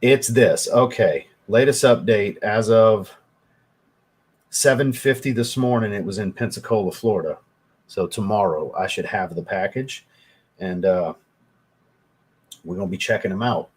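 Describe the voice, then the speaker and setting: A man's voice: lowish voice, measured pace, long pauses, slightly rough. A young man, hosting a casual livestream and reading viewer comments, rambling and swearing as he gets worked up. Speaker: livestream host, fragrance reviewer.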